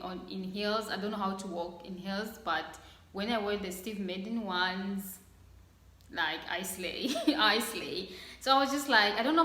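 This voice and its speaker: Bubbly young woman, slow gushing talk. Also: mid-range voice, pushed and bright, roomy sound, rough recording. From Congo. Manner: bubbly, gushing, laughs often. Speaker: vlogger. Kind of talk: casual unboxing chat.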